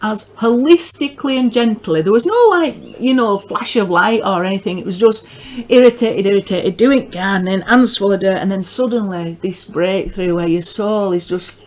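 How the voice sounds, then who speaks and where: A middle-aged religious video maker from northern England, with a matching accent, gives a rambling personal testimony. Her mid-range voice moves at normal speed, and she often repeats and restarts words as her excitement grows.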